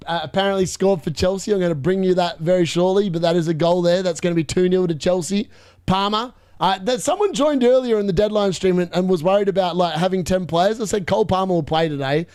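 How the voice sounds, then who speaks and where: A young man hosting a live fantasy football watchalong, chatty and excitable as he reacts to scores. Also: sits high, clean tone, no room sound, clean studio sound. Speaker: fantasy football livestream host.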